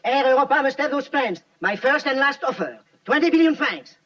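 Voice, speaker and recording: A pushy, nervous rival. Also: male voice, very high voice, animated, fairly quick, a bit bright. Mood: insistent. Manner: insistent, easily agitated. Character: pushy, anxious male business rival. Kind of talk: 1950s film acting. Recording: distant old film soundtrack with music.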